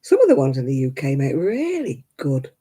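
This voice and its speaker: Older lady on a crafting live chat, husky warm voice, rambles and laughs a lot, pitch all over the place. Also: wildly swooping pitch, moderate pace. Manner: chatty, rambling, laughs often, talks to viewers by name. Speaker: livestream host.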